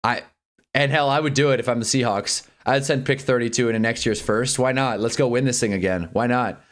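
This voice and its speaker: A man's voice: medium pitch, steady tone, brisk. A man hosting a live sports stream, ranting heatedly and swearing freely between casual asides. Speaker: streamer host. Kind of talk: livestream sports talk.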